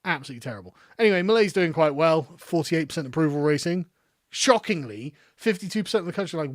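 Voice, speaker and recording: A middle-aged man with an English accent rants on a live stream in a high, wildly swinging voice. He is sarcastic and exasperated, swears freely and laughs mid-sentence. The sound is dry and close. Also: animated, fast, no room sound. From England. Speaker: political commentary host. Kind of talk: live-stream political rant.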